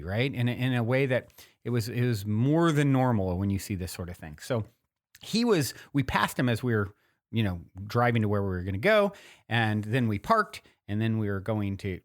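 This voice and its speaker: A man hosting his own podcast, telling a personal story in a loose, rambling way with many fillers and restarts. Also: medium pitch. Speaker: podcast host. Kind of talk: casual storytelling monologue.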